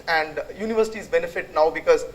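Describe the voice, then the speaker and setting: A man's voice: fairly high pitch, fast talker, low-quality recording. A middle-aged man giving a loose, conversational lecture to students, telling stories with many fillers. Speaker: guest lecturer, entrepreneur. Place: lecture hall.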